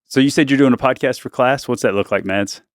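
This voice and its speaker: A man's voice: medium pitch, fast, no echo. A man hosting a casual family podcast, playful and teasing, speaking close to a podcast microphone. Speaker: podcast host and dad.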